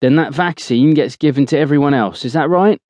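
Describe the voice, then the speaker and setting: A man's voice: on the high side, animated, moderate pace, darkish tone, no room sound, pitched above the performer's own voice, lightly acted. A man voicing a chatty, teasing young male soldier who keeps pressing with questions. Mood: insistent. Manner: persistent, playfully mocking.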